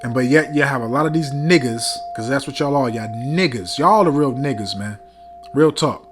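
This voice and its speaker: A man's voice: medium pitch, moderate pace, over music. A man preaching a heated rebuke sermon, reading scripture between blunt, profane remarks, often stumbling over fillers and repeating "man".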